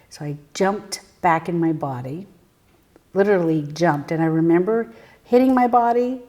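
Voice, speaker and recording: A woman with a lowish, mellow voice tells her life story as an interview guest. She speaks earnestly and haltingly, with many fillers and restarts, and her voice sometimes drops to an almost whispered hush. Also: dull audio. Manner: earnest and reflective, dropping to a near whisper at intense moments. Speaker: guest, spiritual medium.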